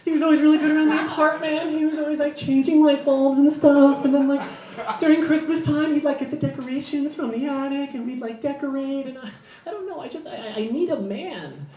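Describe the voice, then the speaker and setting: A man voicing a heartbroken young woman friend who rambles in a high, soft, halting and whiny voice full of fillers. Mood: weepy. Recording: roomy club with audience laughter.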